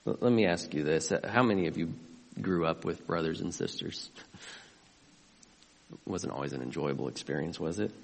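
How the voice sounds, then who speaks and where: A man's voice: deep voice, moderate pace, gravelly, long pauses, slightly rough, big-room sound. A male pastor preaching a sermon, questioning the congregation and building to impassioned emphasis.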